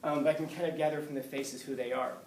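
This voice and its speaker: A college professor with a fairly high, darkish voice talks fast with fairly even intonation, telling his class a candid, conversational story. He swears and chuckles now and then, and the recording sounds roomy and distant with a faint background hiss.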